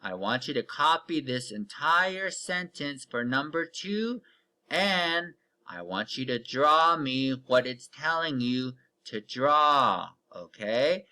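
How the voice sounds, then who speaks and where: Slow, bright-voiced male reading teacher. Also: medium pitch, sing-song. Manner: slow, stretched-out modeling of words with patient step-by-step cues. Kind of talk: recorded online reading lesson for young children.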